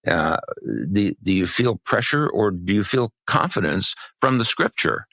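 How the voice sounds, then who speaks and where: A man co-hosting a podcast, talking in a measured, halting way with many restarts, and losing his voice. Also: on the low side, lively intonation, pushed and bright, no room sound. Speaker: podcast co-host. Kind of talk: podcast conversation.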